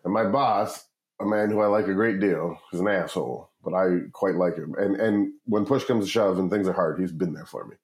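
A man's voice: low voice, a little fast, poor audio. A man in his forties, a company founder, telling a long story in a casual interview, swearing often and acting out what others said. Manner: profane, rambling, animated quoting of others. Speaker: guest, startup founder.

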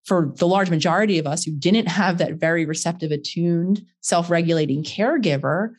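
A woman hosting a podcast, asking long, measured, thoughtful questions. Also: fairly low pitch, breathy edge. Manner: measured, thoughtful, searching phrasing. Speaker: podcast host. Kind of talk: interview conversation.

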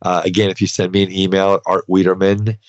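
Low-voiced guy explaining stuff on his podcast, chatty, keeps restarting, dry kinda dull sound. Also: little pitch movement, fast talker, no room sound. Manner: conversational, many restarts and asides. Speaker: podcast host advising dentists on taxes.

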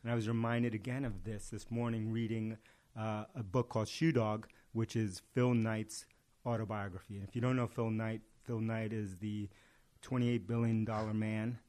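Man, low voice, casual chat, storytelling, voices the characters. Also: level tone, moderate pace, darkish tone. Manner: tells parables with acted-out dialogue.

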